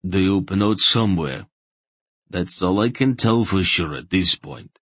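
A man's voice: low-pitched, lively intonation, a little slow, a bit bright, husky, no room sound, heavily acted. A man playing a plain, matter-of-fact underground guide.

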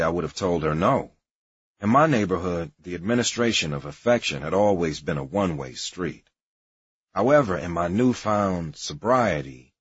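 A man's voice: low voice, husky, dry recording. A man narrating his own life story in a confessional, profane way. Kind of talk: memoir narration mixed with archival comedy clips. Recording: dull lo-fi recording.

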